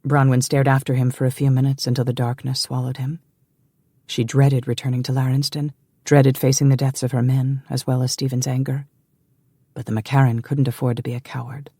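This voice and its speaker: A man narrates a historical romance audiobook in a measured, deliberate reading. His voice is husky and gravelly with a dark tone. The close studio mic sounds dry. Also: medium pitch, level tone, dry recording. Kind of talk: scripted narration.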